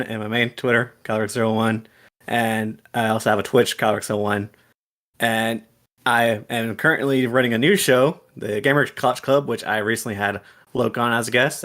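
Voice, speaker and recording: A man's voice: mid-range voice, a bit bright. A man appearing as a guest on a gaming podcast, speaking plainly and steadily about his own channels. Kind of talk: casual gaming chat.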